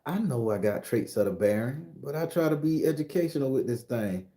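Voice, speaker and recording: A man from southern Florida chats on a phone live stream as its host. He jokes crudely and talks loudly, and his voice leaps up and down all the time. His pitch sits in the middle for a man. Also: a little fast. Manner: bawdy, joking, loud and animated. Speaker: spiritual reader and channel host. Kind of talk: casual live-stream chat.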